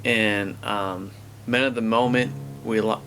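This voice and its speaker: A man's voice: lowish voice, fairly even intonation, takes it slowly, fairly bright tone, a little hiss or hum. A man, a filmmaker interviewee, telling a casual anecdote in a rambling way full of fillers. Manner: rambling, filler-heavy storytelling.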